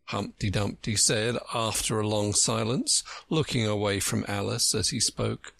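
Slow, gravelly male storyteller. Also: on the low side, no echo, studio quality. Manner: slow, expressive reading. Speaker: narrator. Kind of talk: storybook reading.

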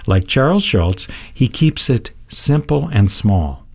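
A man giving scripted, measured commentary as a critic narrator. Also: medium pitch, very animated, creaky, darkish tone.

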